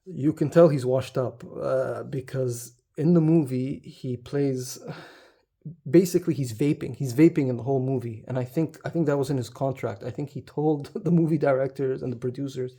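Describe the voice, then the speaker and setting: A man's voice: medium pitch, normal speed, gravelly, mellow, breathy edge. A man talking casually to camera about books and films, hesitant with many fillers and restarts. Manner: hesitant, many ums and restarts, laughs often. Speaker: book video creator. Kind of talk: casual book talk to camera.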